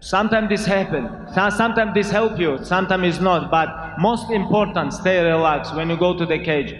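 A fighter answering questions in earnest, non-native English with loose grammar. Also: male voice, high-pitched, moderate pace, a bit bright. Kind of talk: interview answers.

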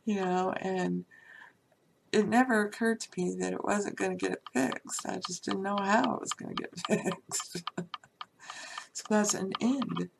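A woman's voice: mid-range voice, steady tone, unhurried, vocal fry, background noise. A woman telling a rambling, chatty personal story, full of "you know".

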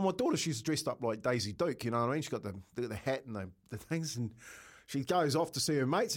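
A middle-aged man with a New Zealand accent chats in a radio studio and tells a story with plenty of laughter. His voice sits at an ordinary middle pitch. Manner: animated storyteller, laughs often, calls people mate. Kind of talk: casual chat, anecdote.

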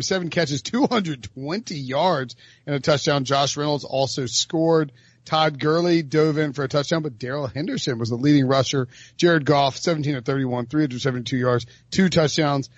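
A man with a fairly high voice hosts a football podcast, cracking jokes between lists of stats. The audio is dry with a dull, muffled top end. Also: no room sound. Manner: jokey, reads stats in a rattling list. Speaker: podcast host. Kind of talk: casual sports chat.

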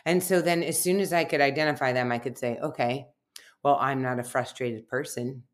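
A woman's voice: extremely low pitch, fairly even intonation, brisk. A middle-aged woman, a research scientist guest, talking reflectively on a podcast, telling personal stories with many fillers. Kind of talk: casual podcast conversation.

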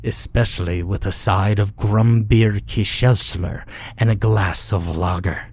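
A man doing a gravelly German-accented skeleton man. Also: fairly low pitch, fairly even intonation, measured pace, a little mellow. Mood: menacing.

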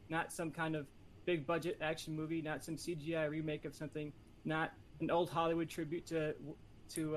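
A man pitching a movie on a casual podcast, talking in a playful, rambling, competitive way. His voice sits slightly higher than most men's. Faint ambient hum runs behind him. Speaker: podcast panelist. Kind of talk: casual chat.

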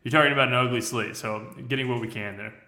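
A man with a bright, forceful voice calls in as a betting guest. He speaks in a quick, filler-heavy way, and the call carries the echo of the room he is in. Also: mid-range voice, steady tone. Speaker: guest handicapper. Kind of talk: casual betting analysis on a video call. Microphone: phone hotspot video call.

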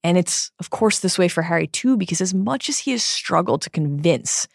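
A woman co-hosting a book discussion podcast, giving measured, reflective analysis that builds lists for emphasis. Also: fairly low pitch, lively intonation, vocal fry, dry recording, studio quality. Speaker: podcast co-host.

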